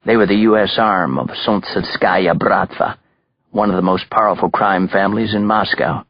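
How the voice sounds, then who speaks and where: A male audiobook narrator with a very low, husky voice reads in measured, even narration. The recording is close and dry, with a dull, slightly muffled top end. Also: no room sound. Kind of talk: scripted narration.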